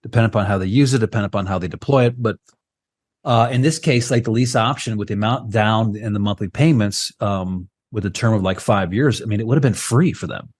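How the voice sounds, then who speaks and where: A man with a lowish voice talks through a video call in a loose, animated podcast chat. He keeps tagging his points with a quick "right?" and rolls from one idea to the next. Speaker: podcast co-host. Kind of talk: casual chat.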